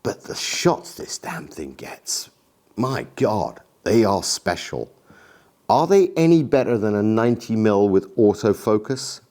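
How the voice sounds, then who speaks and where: Enthusiastic man, low voice. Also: big pitch swings, a little slow, a little mellow. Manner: enthusiastic, self-deprecating, chatty. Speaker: camera gear vlogger. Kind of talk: casual gear review vlog.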